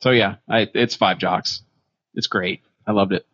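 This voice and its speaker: A man co-hosting a podcast, chatting casually about a movie and retelling scenes in an animated, profane way. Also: on the low side, unhurried, no echo, dull audio. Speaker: podcast co-host. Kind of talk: casual movie review chat.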